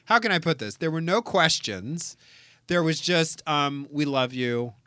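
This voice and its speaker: Bright-voiced man co-hosting a chatty podcast. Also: fairly high pitch, measured pace, clear, resonant tone, no echo. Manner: animated, wry, reads listener comments aloud. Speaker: podcast co-host. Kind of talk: casual podcast chat.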